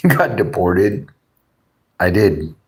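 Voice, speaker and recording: Deep-voiced, laid-back male streamer. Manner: rambling, joking, crude, reads chat aloud. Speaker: livestream host. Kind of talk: casual livestream chat.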